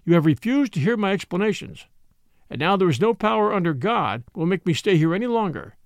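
A man's voice: sits high, animated, brisk, no echo. A man voicing a proud young soldier who speaks in indignant, formal outbursts.

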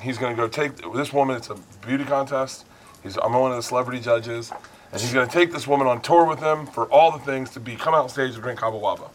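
A man's voice: medium pitch, quick pace, slight background noise. A man hosting a cooking show, chatting casually and telling anecdotes with laughter. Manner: laughs often, tells anecdotes with quoted lines. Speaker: show host. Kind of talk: casual chat while cooking.

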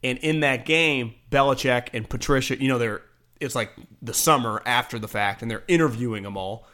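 Man, sports talk host, casual, animated, mid-pitched voice. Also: normal speed. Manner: animated, swearing, acts out quotes.

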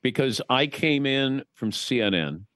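A man's voice: medium pitch, unhurried, dry recording. A man telling stories as a guest in a casual podcast chat, swearing casually now and then. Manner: storytelling, lively, swears casually.

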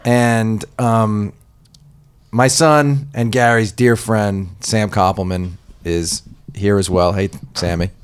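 A man with a Boston accent hosting a podcast in casual, animated interview chat, joking and affectionate with his guest. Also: fairly low pitch, slow, clear, resonant tone. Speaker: podcast host.

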